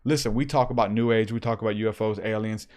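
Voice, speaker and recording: A man hosting a podcast, telling a story in a casual, animated way with plenty of fillers. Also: on the low side, fast. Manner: animated, acts out quotes, many fillers. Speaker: podcast host.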